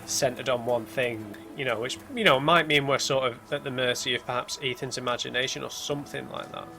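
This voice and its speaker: A man with a gravelly, creaky voice talks his way through a game, half-musing and half-muttering to himself as he pieces clues together. Eerie music and hymn-like singing play clearly beneath his commentary. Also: mid-range voice, steady tone, fairly quick. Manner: musing aloud, thinking things through as he explores. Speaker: let's play gamer. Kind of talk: blind let's play commentary. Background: eerie game music and hymns.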